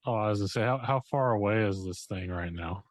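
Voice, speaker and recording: A man's voice: lowish voice, quick pace, no echo. A man playing in a tabletop game, easygoing and joking. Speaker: player.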